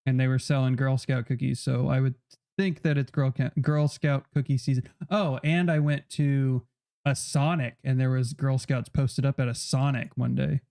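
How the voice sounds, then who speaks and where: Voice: medium pitch, fairly even intonation, normal speed, creaky, dark tone. Laid-back player in casual chat.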